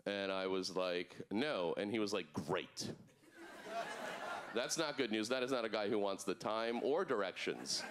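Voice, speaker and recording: A man doing a stand-up comedy set on a club stage, deadpan with sudden put-on voices in his bits. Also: fairly low pitch, normal speed, few pauses, background noise.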